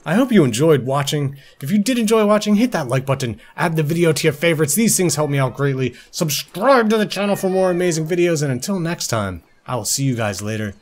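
A man hosting a let's play, giving an upbeat, brisk sign-off at the end of a gaming video. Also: a little high, big pitch swings. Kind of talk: video outro.

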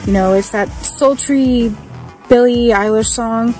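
A woman giving a scripted music review on a podcast, brisk and blunt with casual swearing. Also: a little high, warm tone, rough recording.

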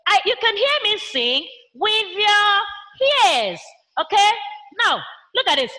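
A woman's voice: very high-pitched, big pitch swings, takes it slowly, pushed and bright. A woman with a Nigerian English accent teaching a primary school science lesson online, using call-and-response questions and imitating animal sounds for the children.

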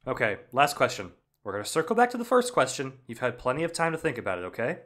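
A man hosting a comedy news show, delivering lines with an exasperated, deadpan edge. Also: mid-range voice, fast talker. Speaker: news host. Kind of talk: comedic fake news anchoring.

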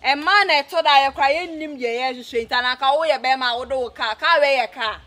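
A high, bright-voiced Ghanaian woman a caring sister, coaxing and scolding her sibling in a quick mix of pidgin English and Twi. Soft music hums behind her. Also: a little hiss or hum. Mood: comforting. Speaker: sister consoling a heartbroken woman. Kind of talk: film drama acting.

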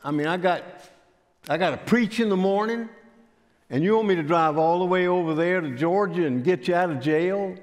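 A man voicing an old country pastor who speaks in a dry, unhurried drawl. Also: high voice, pitched above the performer's own voice, natural voice. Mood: weary. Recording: church hall with long reverb.

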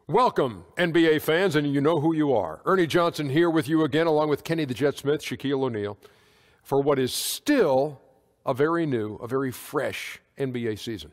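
A man hosting a pregame studio show with smooth, polished broadcaster delivery. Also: fairly high pitch, animated, moderate pace. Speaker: studio host. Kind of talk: scripted pregame show in a video game.

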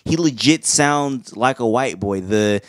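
A man's voice: mid-range voice, expressive, a little slow. A young man giving a casual, slangy album review, laid-back and now and then humming along. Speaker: music reviewer.

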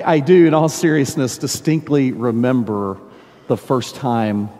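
An older man preaching a sermon as pastor, telling stories in a warm, halting way and repeating words as he searches for them. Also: medium pitch. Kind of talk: sermon with storytelling. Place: large church sanctuary. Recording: long church reverb.

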